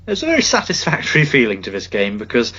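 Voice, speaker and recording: A man's voice: medium pitch, wildly swooping pitch, fast talker, bright, forceful tone, slightly rough. A man co-hosting a podcast, chatting casually about football, rambling with lots of fillers and restarts. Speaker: podcast co-host. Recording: dull lo-fi podcast audio.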